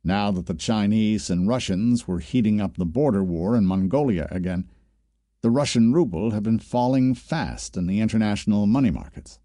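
Male audiobook narrator, low mellow voice, steady reading. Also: no echo, clean studio sound. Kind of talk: scripted narration.

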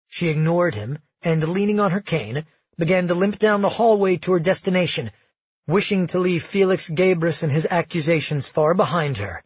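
A man narrating a fantasy novel in a steady, measured reading. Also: fairly high pitch, slightly rough, no echo, lo-fi sound. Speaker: audiobook narrator. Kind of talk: scripted narration.

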